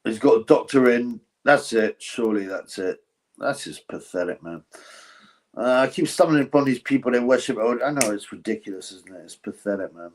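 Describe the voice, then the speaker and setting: A man's voice: medium pitch, expressive, moderate pace. A man hosting a live stream, giving blunt, ranting commentary on a boxing event and reading out viewer donations. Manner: blunt, ranting, chuckling asides; reads viewer donations aloud. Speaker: livestream host.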